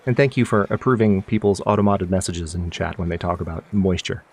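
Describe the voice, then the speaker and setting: A man's voice: deep voice, a little fast, darkish tone, husky. A man streaming a video game, chatting casually with his viewers and reacting as he plays. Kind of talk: casual live-stream commentary.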